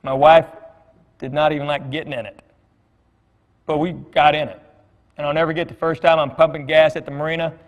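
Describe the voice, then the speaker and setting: Middle-aged guy telling stories at church, kinda high voice, big echoey hall. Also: flat delivery, a little fast, long pauses, dull audio. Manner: folksy storytelling, quoting others in dialogue. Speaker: guest speaker at church. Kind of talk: conversational sermon with anecdotes. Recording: long hall reverb.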